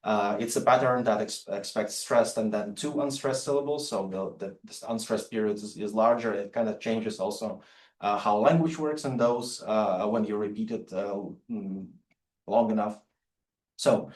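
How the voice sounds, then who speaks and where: Halting male lecturer in a roomy hall. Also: on the low side. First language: Latvian. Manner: halting, many fillers and restarts. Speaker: academic lecturer. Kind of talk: public lecture with poetry readings. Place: lecture room.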